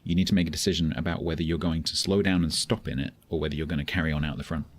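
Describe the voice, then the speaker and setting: A man's voice: extremely low pitch, steady tone, racing, a little hiss or hum. A man, coaching a newer player during a casual game stream and explaining step by step. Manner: explains patiently, restarts and searches for words. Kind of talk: casual gaming stream chat.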